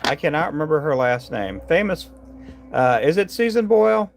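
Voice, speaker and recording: Gravelly-voiced man chatting on a live stream. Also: a little high, big pitch swings, normal speed. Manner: rambling, chatty, many fillers and restarts. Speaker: livestream host tying fishing jigs. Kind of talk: casual live-stream chat with viewers.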